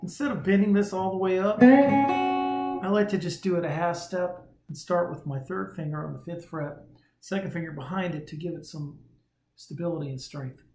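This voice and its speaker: A man giving a relaxed, conversational guitar lesson, sometimes humming rhythms aloud. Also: high-pitched, moderate pace. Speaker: guitar teacher. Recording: roomy sound with guitar playing.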